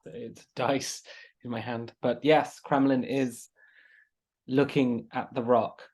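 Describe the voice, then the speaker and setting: A man's voice: medium pitch, little pitch movement, slow, darkish tone. A man playing a tabletop game, chatting in an easygoing and unsure way. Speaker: player. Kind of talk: casual tabletop chat.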